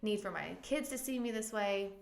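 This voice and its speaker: A woman's voice: medium pitch, normal speed, creaky, very noisy. A woman pastor giving a candid, emotional personal testimony as a podcast guest, earnest and full of ums and likes. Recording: echoey room.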